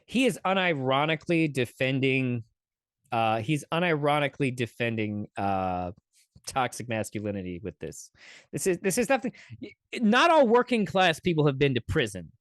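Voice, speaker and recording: A man's voice: medium pitch, very animated, moderate pace, no room sound, studio quality. A man hosting a podcast, giving sarcastic, swear-filled commentary on clips he plays. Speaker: podcast host. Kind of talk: casual commentary reacting to clips.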